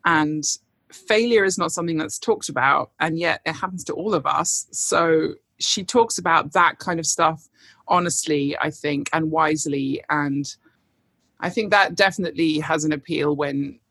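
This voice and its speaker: A woman's voice: low voice, normal speed, a bit bright, breathy edge, dry recording. A woman bookseller as a podcast guest, chatting enthusiastically and laughing often. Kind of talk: casual interview chat.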